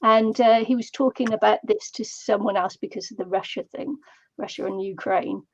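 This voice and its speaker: A middle-aged woman co-hosting a casual crafting chat, talking haltingly with many fillers. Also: medium pitch, steady tone, dry recording. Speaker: co-host. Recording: dull lo-fi sound.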